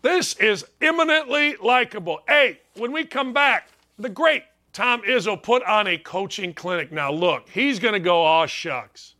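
A man's voice: sits high, animated, moderate pace, hardly any pauses, bright, forceful tone. A middle-aged man hosting a sports talk show, brash and mocking, hammering his punchlines again and again.

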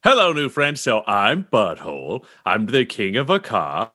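A man's voice: fairly low pitch, wildly swooping pitch, measured pace, sharp tone. A man playing a tabletop game in a playful, upbeat way. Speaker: player.

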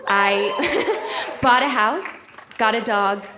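Woman, 29, audience member, bubbly and boastful, fairly high voice, noisy room mic. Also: lively intonation, extremely slow. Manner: bubbly and boastful, laughing mid-sentence. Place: live theater audience.

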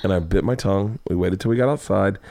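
A man's voice: deep voice, fast talker, vocal fry, no room sound. A middle-aged man telling family stories in a casual chat, swearing freely and acting out his kids' voices. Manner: animated, profane, acts out family voices. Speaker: podcast guest, husband.

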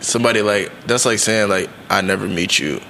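A man's voice: fairly low pitch, brisk, gravelly, sharp tone, a little hiss or hum. A young man, a college football player, in casual, playful podcast chat, full of fillers and teasing. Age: young adult. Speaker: guest, college football linebacker.

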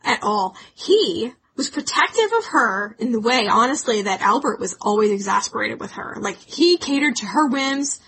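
Lively woman telling history stories. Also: a little high, background noise. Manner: lively storytelling, quick asides. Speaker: podcast co-host. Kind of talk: casual history chat.

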